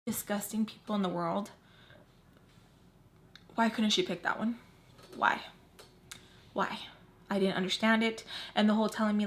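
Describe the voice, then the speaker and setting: Doing her makeup on camera, a beauty vlogger shares a personal story in a medium-pitched voice. Her delivery is blunt and casual, with free swearing and acted-out lines from the people involved.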